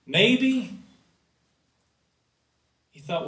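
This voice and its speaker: Male pastor, fairly high voice, slow deliberate sermon delivery with loud bursts and hushed drops; recorded from a distance in an echoey sanctuary. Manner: preaching with sudden loud rises and quiet drops. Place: church sanctuary.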